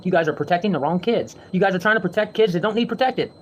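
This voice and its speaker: A man's voice: sits high, expressive, fast talker, a little hiss or hum. A man ranting to his viewers from home, heated and defensive, with frequent swearing. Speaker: vlogger.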